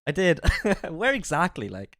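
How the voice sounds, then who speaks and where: Low-pitched woman streamer, lively swooping voice, dry close mic, playful mimicry. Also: a little slow, dry recording. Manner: playful, repeats words in mock accents, shrieks. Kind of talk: casual livestream chat, imitating accents.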